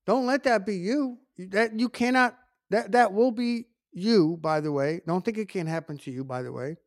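A man preaches in a high-pitched, earnest voice, mixing scripture with conversational asides and repeated warnings. He stresses key words and often stops to restate himself. The sound is dry and close, with no room echo. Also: normal speed. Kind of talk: sermon.

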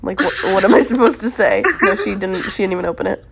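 A woman's voice: medium pitch, very animated, fast, vocal fry, noisy background. A woman guesting on a podcast, chatting casually, teasing bluntly and swearing freely. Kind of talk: casual chat.

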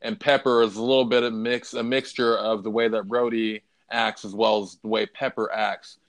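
A man with a smooth, resonant voice talks in a loose podcast chat. He swears freely and retells scenes with feeling, often quoting lines. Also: lowish voice, flat delivery, moderate pace. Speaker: podcast co-host. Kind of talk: casual chat.

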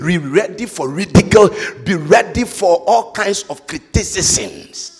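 A male preacher giving an impassioned sermon, shouting and chanting his lines. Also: high-pitched, lively intonation, unhurried, husky, long reverb tail.

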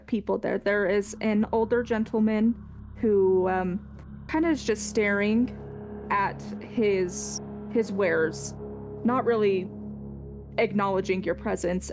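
A woman narrating a tabletop game as game master in a relaxed, hesitant way, with many fillers. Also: mid-range voice.

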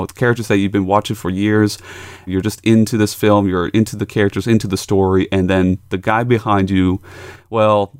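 A man hosting a casual chat, setting up a guest's story in a relaxed way with many fillers. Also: on the low side, dry recording, studio quality. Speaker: host.

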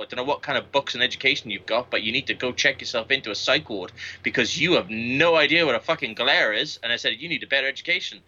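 A man in his thirties rambles through crude, boastful stories on a podcast and swears freely. His voice is very bright and sharp. The recording sounds dull and lo-fi. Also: medium pitch. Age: 30s. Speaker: podcast guest. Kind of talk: casual storytelling.

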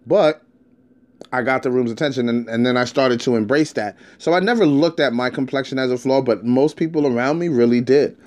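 A man's voice: mid-range voice, a little mellow. Candid streetwise man telling his story. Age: adult, past his teens. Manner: candid, streetwise, repeats words and restarts. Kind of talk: casual personal storytelling monologue.

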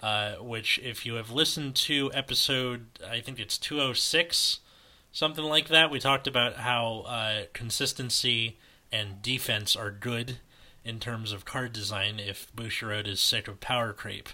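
A man's voice: medium pitch, steady tone, a little slow, pushed and bright. A man hosting a casual podcast, opening the show and leading the chat in an upbeat way. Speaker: podcast host.

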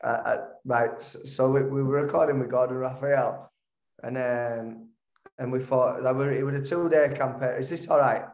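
A man's voice: medium pitch, fairly even intonation, normal speed, darkish tone. A man, a band member telling stories as a guest, stumbling and restarting as he chats. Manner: chatty storyteller, stumbles and restarts, laughs through the story. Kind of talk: casual anecdote-telling. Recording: roomy echo.

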